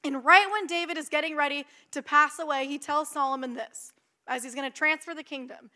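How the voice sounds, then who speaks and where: A young woman preaching a sermon in a conversational, animated way, acting out her own thoughts. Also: high voice, a little fast.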